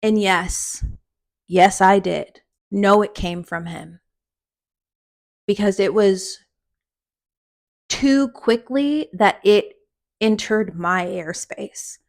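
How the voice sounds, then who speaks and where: A young adult woman hosting a podcast, telling a personal story in a casual, animated way and swearing freely. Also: medium pitch, drawn-out words, gravelly, pauses often. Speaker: podcast host.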